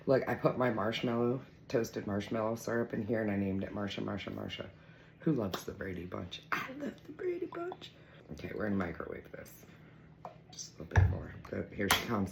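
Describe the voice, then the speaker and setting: A woman's voice: a bass voice, creaky, a little mellow. A young woman chatting casually in her home kitchen for a morning coffee vlog, playful and talkative, cooing at her cat now and then. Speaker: vlogger. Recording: noisy home kitchen recording.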